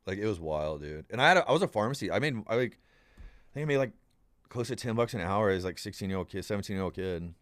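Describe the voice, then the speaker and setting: A man's voice: fairly low pitch, quick pace, no room sound. A young man, a podcast guest, telling a story in a casual, rambling way, acting out the people in it and saying "dude" a lot. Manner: rambling and animated, acts out quoted voices, says "dude" often.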